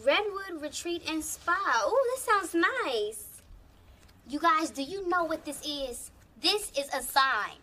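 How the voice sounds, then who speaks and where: An actress playing an excitable, upbeat young college woman in a sitcom. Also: high voice, slow, slight background noise, heavily acted. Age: young adult. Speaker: college student. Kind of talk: sitcom acting.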